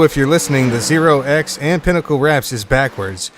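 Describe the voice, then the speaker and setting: A man's voice: medium pitch, lively intonation, normal speed, slight background noise. A man commentating a live sim racing stream in a casual, chatty way, reading viewer chat aloud between points updates.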